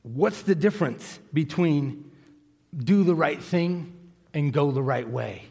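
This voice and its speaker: A man with a high, husky voice preaches in a church sanctuary, telling his stories casually before rising to fervent, almost shouted calls. Long reverb from the hall trails after each phrase. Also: expressive, slow pace. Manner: conversational storytelling that swells into fervent near-shouting. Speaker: pastor. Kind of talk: sermon.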